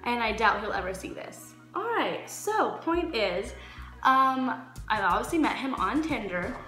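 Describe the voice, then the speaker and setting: A young woman in her twenties telling a casual story-time vlog, animated and acting out the quotes. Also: a little high, unhurried. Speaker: vlogger. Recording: echoey room with faint music.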